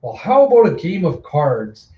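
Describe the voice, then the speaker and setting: A man's voice: fairly high pitch, huge pitch swings, moderate pace, mellow, roomy sound, recorded from a distance, lo-fi sound. A man voicing a smug male clown fighter who speaks in a sly, mocking tone.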